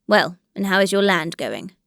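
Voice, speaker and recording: Woman reading as a quiet, earnest young landowner. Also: mid-range voice, lively intonation, normal speed, creaky, no room sound, studio quality.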